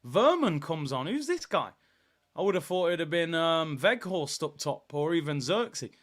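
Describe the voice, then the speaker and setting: A young man hosting a live football watchalong, chatting casually and getting loud and excited during attacks. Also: fairly high pitch, moderate pace. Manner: excitable, shouts during attacks, chats with viewers. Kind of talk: casual live match commentary and chat.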